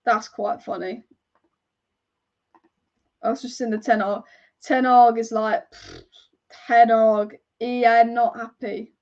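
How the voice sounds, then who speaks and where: Young woman, high-pitched, chatty fan host reacting live, casual swearing, slightly dull lo-fi sound. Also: fairly even intonation, slow, long pauses, a little mellow. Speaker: football fan channel host. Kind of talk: live match watch-along commentary.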